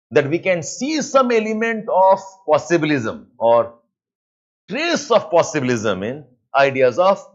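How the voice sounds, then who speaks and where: Slow Indian English lecturer dictating notes. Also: male voice, mid-range voice, muffled recording. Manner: repeats points slowly for students to write down; mixes Hindi asides into English. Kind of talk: live online lecture with dictation.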